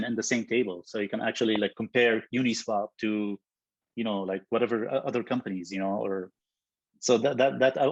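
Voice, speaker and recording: A man speaking as a guest in a casual interview, thinking aloud with many restarts. His voice is slightly husky and sits at an ordinary pitch. The sound is dry and a bit dull, as over a video call. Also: no room sound. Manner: thoughtful, many fillers and restarts. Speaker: guest, software co-founder.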